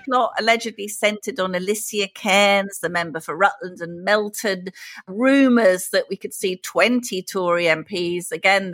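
A woman's voice: lowish voice, a bit bright, no echo. Arch, teasing British woman podcaster. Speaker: podcast co-host. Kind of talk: conversational political podcast.

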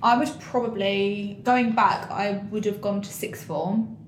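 A young woman from England co-hosting a podcast, chatty and quick to jump in. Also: medium pitch, steady tone. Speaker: podcast co-host. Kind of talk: casual chat. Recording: roomy echo, faint noise.

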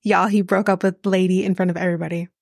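A woman's voice: fairly low pitch, level tone, quick pace, creaky, no room sound, studio quality. A young woman hosting a podcast, recapping a reality show in casual, profane, exasperated chat.

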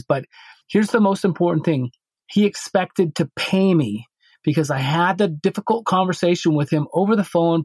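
A man's voice: fairly high pitch, dry recording. A man co-hosting a podcast, telling a long story in a casual, rambling way with many restarts and fillers. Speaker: podcast co-host.

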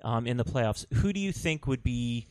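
A man's voice: medium pitch, animated, normal speed, darkish tone. Male sports talk host, middle voice, laid-back, leads with questions. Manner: easygoing, steers the talk with questions. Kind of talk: hosting a sports talk show.

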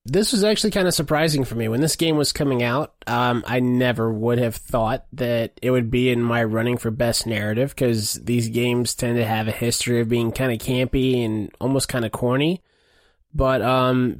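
Male podcast co-host, mid pitch, reflective, says um a lot, dry. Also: no room sound. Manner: thoughtful, lots of ums. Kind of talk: casual game chat.

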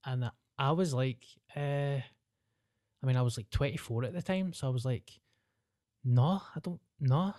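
A man's voice: medium pitch, brisk, a little mellow, no echo, studio quality. A young man with a Glaswegian accent, co-hosting a podcast and telling a story in casual chat, swearing freely and laughing through it. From Scotland. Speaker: podcast host.

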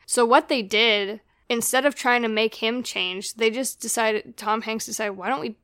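A woman's voice: a little high, fairly even intonation, measured pace, a bit bright, smooth, no room sound, clean studio sound. A woman in a casual chat about a film, talking with fillers and trailing sentences. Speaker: podcast co-host discussing a film.

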